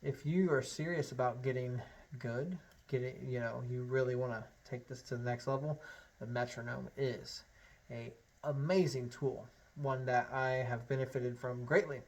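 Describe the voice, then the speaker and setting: A man's voice: mid-range voice, steady tone, normal speed, darkish tone. A man teaching a harmonica lesson, encouraging and upbeat, talking straight to the learner. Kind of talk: friendly instructional lesson.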